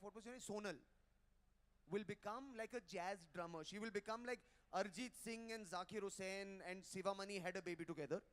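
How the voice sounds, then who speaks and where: Male stand-up, high voice, teasing crowd work at a hotel ballroom event. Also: a bit bright. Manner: brash, teasing, crowd-roasting. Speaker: stand-up comedian. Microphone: handheld mic.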